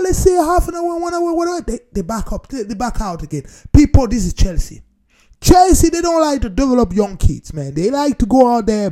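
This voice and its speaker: A man talking casually to his viewers in a playful, animated way, often repeating phrases for emphasis and calling his audience "people". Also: very high voice. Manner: non-standard grammar, repeats phrases for emphasis. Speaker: vlogger. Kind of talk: casual talk to camera.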